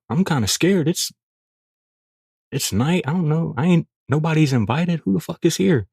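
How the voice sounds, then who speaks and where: A young man, hosting a podcast and telling a crude, profane story in a casual, animated way. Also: mid-range voice, a little slow, long pauses, husky, no room sound, studio quality. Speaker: podcast host.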